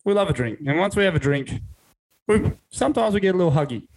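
Gravelly young Australian man, joking. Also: high-pitched, expressive, fast talker, poor audio. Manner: ranting, joking, laid-back. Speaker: podcast co-host. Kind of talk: casual chat.

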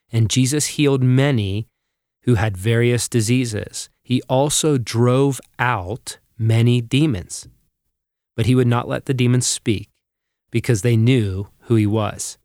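A man's voice: mid-range voice, a little mellow, no room sound, clean studio sound. Earnest man teaching from scripture. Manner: earnest, reads scripture aloud slowly. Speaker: podcast co-host. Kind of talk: reflective Bible teaching.

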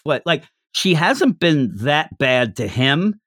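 Male podcast co-host, casual manga chat, very lively swooping pitch, dry close mic, breaks into quick character voices. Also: dry recording. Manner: animated, acts out character lines in quick voices.

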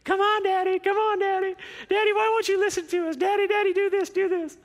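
A man's voice: very high-pitched, level tone, a little fast, pitched above the performer's own voice. A man mimicking whiny nagging little daughters. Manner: pleading, repetitive calls. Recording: long hall reverb.

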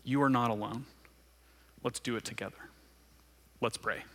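Male pastor, sermon; conversational and earnest, bright forceful tone. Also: mid-range voice, fairly even intonation, moderate pace, a little hiss or hum. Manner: conversational, earnest, laughs often.

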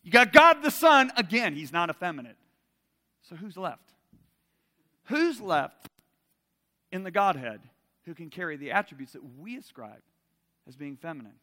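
A middle-aged man preaching a sermon, swinging from loud emphasis to soft intimacy and asking the audience direct questions. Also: on the high side, expressive, moderate pace, pauses often, long reverb tail.

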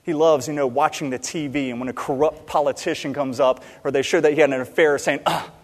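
A man's voice: on the high side, fast talker. Preaching man in a reverberant hall. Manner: animated, wide swings between loud emphasis and quiet asides. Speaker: pastor. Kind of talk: sermon. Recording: long reverb in a large hall.

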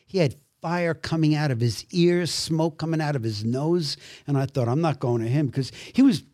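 A man from Brooklyn, a podcast guest telling a story in a lively way and acting out the other people's voices. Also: fairly high pitch, normal speed, no room sound, clean studio sound. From Brooklyn, New York. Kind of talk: storytelling conversation.

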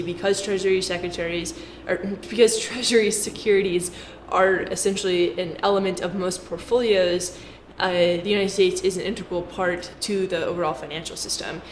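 A woman giving a casual, chatty explainer to camera, with jokey asides. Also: lowish voice. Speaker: finance commentator. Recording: roomy echo with faint background noise.

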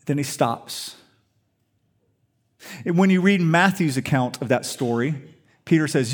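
Emphatic preacher, a man with a higher voice. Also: lively intonation, moderate pace, pauses often. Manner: storytelling, emphatic, rhetorical questions. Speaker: pastor. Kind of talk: sermon.

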